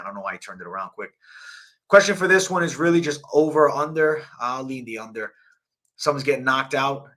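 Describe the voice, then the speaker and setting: A man's voice: medium pitch, pushed and bright. A young man hosting a live fight betting breakdown, talking in a casual, profane, slangy way. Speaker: host.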